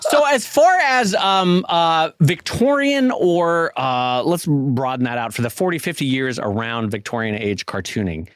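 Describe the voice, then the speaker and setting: A man with a fairly high, very lively voice co-hosts a podcast in relaxed conversation. He is an animated storyteller who acts out the people he quotes. The recording is close and dry, with no room sound. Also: unhurried, few pauses, dry recording. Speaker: podcast co-host. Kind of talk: casual podcast chat.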